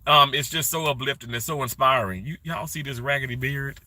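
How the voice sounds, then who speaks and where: A middle-aged man chatting casually on a live stream, greeting viewers by name and rambling warmly. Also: mid-range voice, brisk, no room sound. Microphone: phone held vertically.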